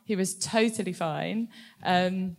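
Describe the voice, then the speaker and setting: A woman's voice: lowish voice, takes it slowly, vocal fry, a little mellow. A woman interviewing her child at church, chatty and laughing, prompting with questions. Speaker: interviewer and mother.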